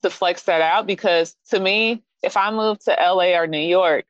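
A woman from Kansas City with a Midwestern accent, chatting as an interview guest, animated and expressive. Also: moderate pace, no room sound, highs cut off. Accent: Midwestern American. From Kansas City, Missouri. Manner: animated, expressive, jumps up in pitch for emphasis. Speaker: fashion designer guest. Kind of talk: casual interview chat.

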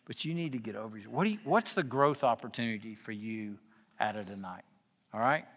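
A man's voice: lowish voice, brisk, fairly bright tone. A man giving an informal preaching talk as guest speaker at a men's gathering. He speaks in a confessional way and keeps asking the audience questions. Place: event hall with tables. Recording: long hall reverb.

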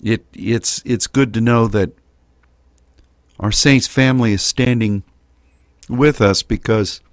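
A middle-aged man co-hosting a prayer ministry radio show, chatting casually and haltingly with many fillers and restarts. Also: mid-range voice, no room sound, clean studio sound. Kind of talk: casual chat.

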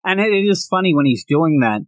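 A man co-hosting a podcast, chatting casually about a manga and acting out scenes with lively pitch jumps. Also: dry recording. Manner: animated, quick shifts of pitch when acting out scenes. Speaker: podcast co-host. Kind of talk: casual manga review chat.

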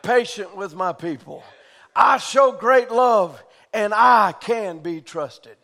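A man preaching a sermon in a fervent style that often rises to shouting. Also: sits high, takes it slowly.

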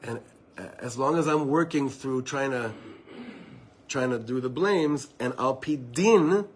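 Male teacher, mid-pitched, earnest and personal, informal group talk, faint background hum. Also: takes it slowly. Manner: earnest, personal storytelling with asides to listeners. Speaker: Torah teacher.

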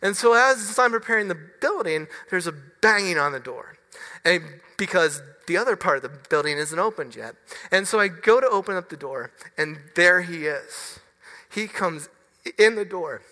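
A male pastor preaching a sermon with a personal story, earnest and halting, often restarting his words. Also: high voice, expressive, pushed and bright. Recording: reverberant hall.

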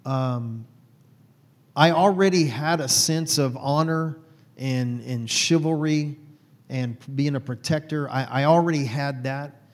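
A man's voice: mid-range voice, slow, big-room sound. A man from Texas, a guest telling his personal faith story in an earnest, heartfelt way.

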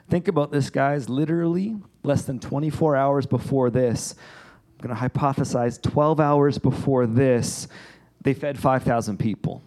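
A man's voice: mid-range voice, normal speed. Chatty man preaching a casual sermon. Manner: animated, chatty, acts out the story. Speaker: pastor.

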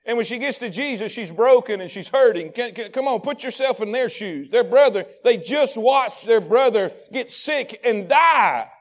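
A man preaching a sermon. He repeats phrases in a rhythmic build and swings between hushed, intimate lines and shouted peaks. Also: very high-pitched, lively intonation, moderate pace, hardly any pauses. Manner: repetitive, rhythmic delivery. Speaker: pastor.

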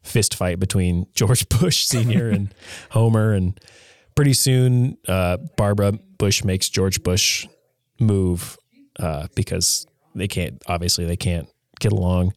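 A man's voice: low-pitched, slow pace, darkish tone, no echo. A young man co-hosting a casual podcast chat, rambling as he retells scenes. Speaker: podcast co-host.

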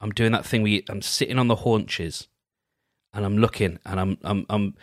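A man hosting his own solo podcast, chatting gently and meandering, often restarting his sentences. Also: lowish voice, fairly even intonation, normal speed, dry recording, studio quality. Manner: meandering, self-interrupting, gentle. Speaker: podcast host. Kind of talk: casual solo podcast chat.

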